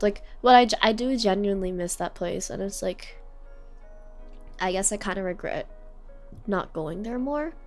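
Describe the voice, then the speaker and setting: A woman's voice: mid-range voice, normal speed, long pauses, a little mellow, soft background music. A young adult woman streamer telling a personal story in a casual, rambling way, full of fillers and sentiment. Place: home streaming setup.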